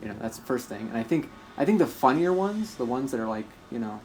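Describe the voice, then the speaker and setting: American male co-host, mid-pitched, rambly and opinionated, faint noise floor. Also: very animated, quick pace. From United States. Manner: rambling, opinionated, lots of restarts and "like". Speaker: gaming stream co-host. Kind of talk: casual chat while playing a game.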